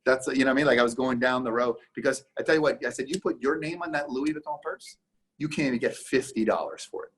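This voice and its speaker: A man's voice: mid-range voice, slight background noise. A man from Canada, a guest on a business podcast, talking emphatically and acting out both sides of conversations. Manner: emphatic, acts out conversations in quick back-and-forth. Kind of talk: casual podcast interview.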